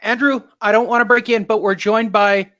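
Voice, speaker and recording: A man's voice: sits high, fairly even intonation, moderate pace, sharp tone, a little hiss or hum. A man co-hosting a boxing radio talk show, chiming in with dry, joking asides. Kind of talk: sports talk banter. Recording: dull lo-fi audio.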